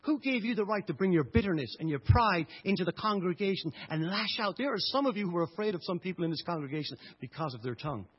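A middle-aged Irish man preaching a sermon with passion, swinging between loud outbursts and hushed moments. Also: high voice, lively intonation, fast, hardly any pauses, husky. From Ireland. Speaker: pastor. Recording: dull lo-fi recording.

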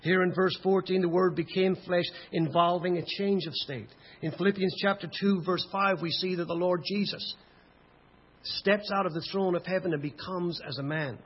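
A man preaching a sermon, building to loud emphatic peaks and then dropping low and quiet. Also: fairly even intonation, normal speed, breathy edge. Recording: dull lo-fi sound.

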